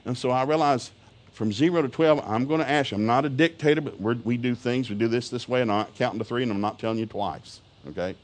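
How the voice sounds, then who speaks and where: An older man, preaching and telling a humorous family story in a folksy way that swings from low asides to loud outbursts. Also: fast.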